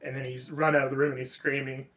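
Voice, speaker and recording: A man co-hosting a casual book review chat, retelling the plot with lots of swearing and animated energy. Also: medium pitch, fast. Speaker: podcast co-host. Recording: roomy, distant mic.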